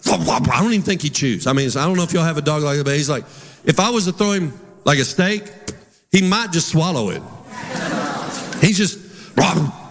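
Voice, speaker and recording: A man's voice: fairly high pitch, lively intonation, a little fast, pauses often. A middle-aged man, preaching a sermon in a conversational, humorous storytelling way. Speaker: pastor. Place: large church hall with congregation. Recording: reverberant church hall with crowd.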